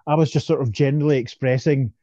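A man's voice: medium pitch, steady tone, quick pace, mellow, no room sound, dull audio. A man co-hosting a podcast, chatting casually with frequent laughs and restarts. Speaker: podcast co-host. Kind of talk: casual chat.

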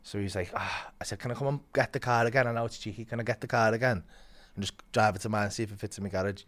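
A man's voice: fairly low pitch, fairly even intonation, racing, fairly bright tone. A young man telling a comic story as a podcast guest, swearing, laughing and acting out the other voices.

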